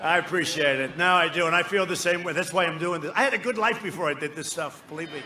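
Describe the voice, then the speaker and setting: A man's voice: fairly high pitch, fast talker, pushed and bright, a little hiss or hum. A man giving a campaign rally speech, boastful and rambling, bantering with the crowd from the stage. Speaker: political speaker at a rally. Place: outdoor rally before a large crowd.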